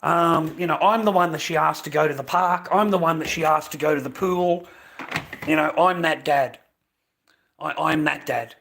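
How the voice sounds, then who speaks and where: A man's voice: fairly high pitch, normal speed, vocal fry, fairly bright tone. An Australian man streaming live, talking in a heated, profane, rambling way. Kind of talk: casual livestream rant.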